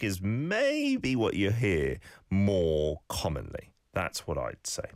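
A man hosting a radio language lesson, encouraging listeners and modelling phrases with lively emphasis. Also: deep voice, takes it slowly, few pauses, no echo, clean studio sound. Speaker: radio host teaching Korean phrases.

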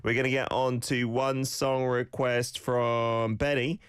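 A man hosting a radio language lesson, encouraging listeners and modelling phrases with lively emphasis. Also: medium pitch, slow pace, smooth, dry recording, clean studio sound. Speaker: radio host teaching Korean phrases.

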